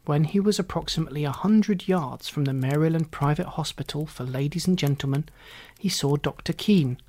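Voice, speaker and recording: Measured literary audiobook narrator. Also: mid-range voice, darkish tone. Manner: measured, formal storytelling.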